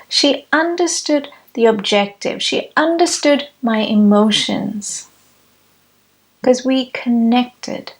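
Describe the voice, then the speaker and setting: A woman giving a reflective spiritual teaching talk, with measured, deliberate phrasing. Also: high-pitched. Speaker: spiritual speaker.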